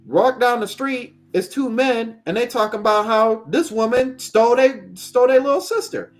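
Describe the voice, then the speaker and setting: A man's voice: very high voice, moderate pace, few pauses, faint music behind. A man co-hosting a casual show, telling a long game story with lots of acted-out quotes and laughter. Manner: animated storyteller, acts out quoted characters, laughs often. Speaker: podcast co-host. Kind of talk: casual chat.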